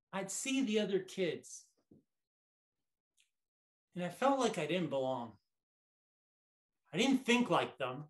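A man tells a personal story as a prepared contest speech. He speaks slowly, in short phrases broken by deliberate pauses. His pitch swings widely from line to line. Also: fairly bright tone. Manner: storytelling, reflective. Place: online conference.

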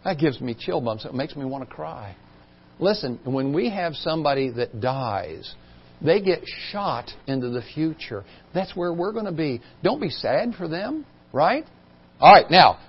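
A middle-aged male pastor preaching a sermon in a church, swinging between soft, quiet asides and loud, emphatic calls to the congregation. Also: on the high side, expressive, moderate pace, husky. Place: church sanctuary. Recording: dull lo-fi church recording.

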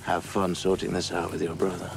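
A taunting vampire, gravelly and low. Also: male voice, level tone, a little fast. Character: scheming vengeful male vampire, menacing. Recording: loud noisy TV clip.

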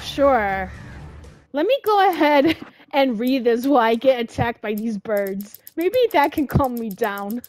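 Young adult woman, gaming host, let's-play chatter, high lively voice, unhurried pace, excitable and jumpy. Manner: excitable, yells at the game, jumpy. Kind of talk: casual let's-play commentary.

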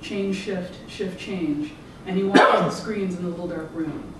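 An author giving a measured, rhythmic public reading of their own fiction. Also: medium pitch. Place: event room. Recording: echoey room, distant mic, background noise.

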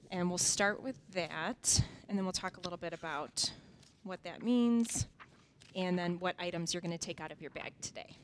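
A woman's voice: on the low side, slight background noise. A woman teaching a children's Sunday school lesson, casually explaining with fillers and reading a Bible story aloud.

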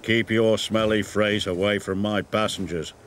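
A man voicing a proud, grumbling big male express engine in a low, huffy voice. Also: fairly even intonation, normal speed, fairly bright tone, a little hiss or hum, natural voice. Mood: grumpy.

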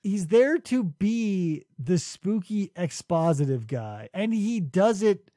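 Male podcast host, high and lively voice, dry close sound, animated swearing rant. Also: slow, dry recording. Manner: animated, ranting, swears often. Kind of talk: casual podcast chat.

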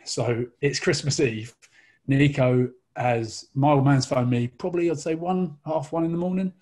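A man's voice: mid-range voice, moderate pace, a little mellow. A man telling a long comic anecdote, rambling and laughing as he goes. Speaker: guest storyteller.

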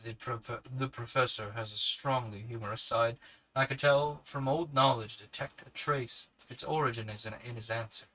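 A man narrating a classic novel aloud in a steady storytelling manner, with occasional slips and restarts. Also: mid-range voice, normal speed, poor audio. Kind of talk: audiobook reading.

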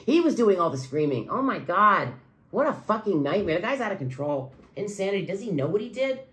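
A woman who makes videos, giving an angry, profane monologue that swings between low muttering and raised outbursts. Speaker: video creator.

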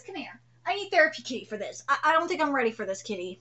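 Woman streamer, live reaction, foul-mouthed, shrieks, chats to her cat, lively voice. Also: high voice, quick pace, few pauses. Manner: excitable, profane, shrieks at twists.

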